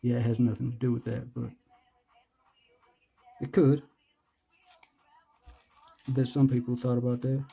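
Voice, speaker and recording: A man's voice: medium pitch, little pitch movement, a little slow, vocal fry, long pauses, warm tone, husky. A man doing casual, rambling unboxing commentary, joking, hyping himself up and cursing. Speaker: vlogger.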